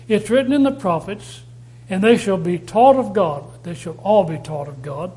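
A man preaching a sermon, reading scripture aloud and repeating key phrases slowly for stress. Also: high-pitched, lively intonation, warm tone, poor audio. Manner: reads scripture aloud with rising emphasis.

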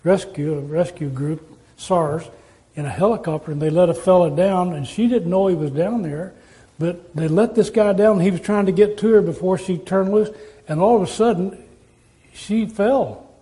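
A male pastor delivers a sermon in a high, warm voice. He talks in a relaxed, conversational way, leaning on rhetorical questions and homespun stories to reach his listeners. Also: normal speed, poor audio.

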